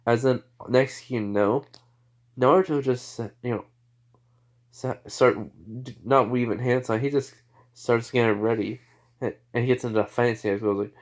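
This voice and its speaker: A man's voice: mid-range voice, fairly even intonation, moderate pace. A man narrating a homemade fan story off the cuff. He rambles, restarts and fills gaps with "you know" and "like.". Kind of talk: improvised spoken fan fiction.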